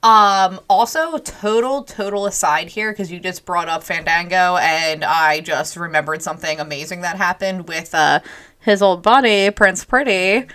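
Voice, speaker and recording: A woman's voice: lowish voice, a little slow, a bit bright. A woman co-hosting a podcast, chatty and rambling as she tells stories in casual talk. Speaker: podcast co-host. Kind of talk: casual wrestling chat.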